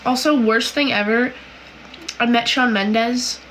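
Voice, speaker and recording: A woman from Canada chats on a livestream in a fairly high voice, taking her time over each comment. She giggles and fills her answers with "like" and "um," and faint noise sits under her voice. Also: steady tone, slow, fairly bright tone, low-quality recording. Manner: chatty and giggly, reads comments aloud and answers with many "like"s and "um"s. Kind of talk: casual livestream chat.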